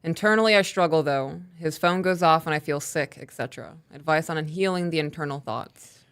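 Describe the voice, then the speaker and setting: A woman co-hosting a podcast live stream, reading listener questions and calmly explaining how she handles her kids. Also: deep voice, clear, resonant tone. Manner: calm, measured, reads out listener questions. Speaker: podcast co-host. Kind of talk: casual live-stream Q&A chat.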